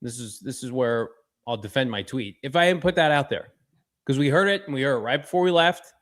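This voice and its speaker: A man co-hosting a sports talk show, joking and animated, with sudden jumps in pitch. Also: a little fast.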